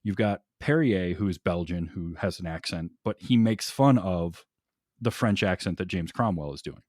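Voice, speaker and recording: Low-voiced man gushing about old movies. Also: moderate pace, darkish tone, no echo, studio quality. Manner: enthusiastic, laughs often, restarts sentences. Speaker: podcast guest. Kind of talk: casual movie podcast chat.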